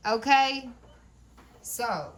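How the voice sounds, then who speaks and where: A woman gives a loose, chatty tarot reading in a slightly higher voice. She checks in with "okay?" after almost every thought. She laughs often and drops the odd curse word. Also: animated, extremely slow, fairly bright tone. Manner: repeats "okay?" often, laughs, swears casually. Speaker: tarot reader. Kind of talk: casual spiritual reading.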